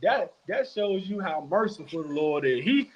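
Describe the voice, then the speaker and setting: A man co-hosting a podcast, telling stories in an animated, profane, casual way. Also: high-pitched, normal speed, a little hiss or hum. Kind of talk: casual chat. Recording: dull lo-fi mic.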